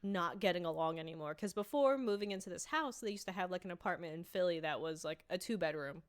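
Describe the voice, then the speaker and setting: A woman's voice: on the low side, fast talker. A woman co-hosting a podcast, chatting casually and retelling scenes with lots of "like" and acted-out quotes. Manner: animated storytelling, acting out quoted lines with filler "like". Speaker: podcast co-host. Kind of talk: casual chat recapping a sitcom.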